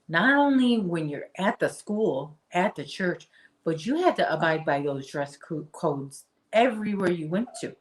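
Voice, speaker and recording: A low-pitched woman talks at an unhurried, easy pace as she hosts a crochet livestream. She chats with her viewers and picks up their comments, often stumbling and restarting her sentences. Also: fairly bright tone. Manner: chatty, answers viewer comments, frequent restarts. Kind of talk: casual live chat while crocheting.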